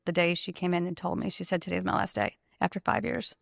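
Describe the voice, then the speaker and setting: A woman who owns a salon, telling an emotional personal story in an animated, conversational way and laughing often. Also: on the low side, fast talker, vocal fry, dry recording, clean studio sound. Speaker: salon owner.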